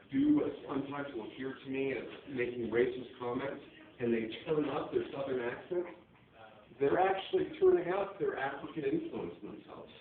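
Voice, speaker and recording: A man's voice: fairly high pitch, distant mic. A man giving an earnest, explanatory talk to a bar audience, now and then asking them questions. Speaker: speaker performing for a bar audience. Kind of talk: casual spoken monologue. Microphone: phone recording from a distance. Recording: tinny, echoey phone recording from afar.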